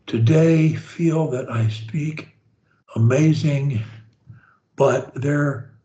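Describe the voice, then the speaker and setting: A man leading a speech therapy session, modeling phrases slowly and emphatically. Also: mellow, echoey room, highs cut off. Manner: emphatic, slow modeling of phrases, swoops up and down in pitch.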